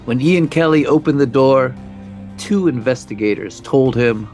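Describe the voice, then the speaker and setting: A man's voice: medium pitch, measured pace, darkish tone, soft background music. Wry male true-crime narrator. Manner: wry, conversational asides. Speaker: podcast co-host.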